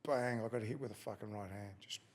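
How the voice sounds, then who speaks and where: A former fighter from Australia, middle-aged and guesting on a podcast, casually shares a story, swearing plenty and acting out quotes. He speaks briskly in a voice on the low side, with a little hiss or hum in the recording.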